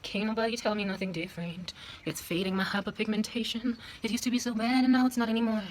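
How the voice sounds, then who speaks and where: A woman's voice: medium pitch, steady tone, fast talker, a little hiss or hum, poor audio. A playful, chatty woman with a South African accent, vlogging a casual demonstration in her home kitchen and breaking into sing-song asides. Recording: loud clinking dishes and cutlery behind. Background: clattering dishes, pots and cutlery.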